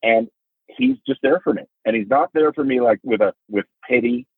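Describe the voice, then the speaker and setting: Husky middle-aged man on a phone-like line. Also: wildly swooping pitch, normal speed, dry recording. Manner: earnest, emphatic storytelling, rising pitch when moved. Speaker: podcast guest, father of a son with epilepsy. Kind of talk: podcast conversation. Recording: dry phone-like remote line.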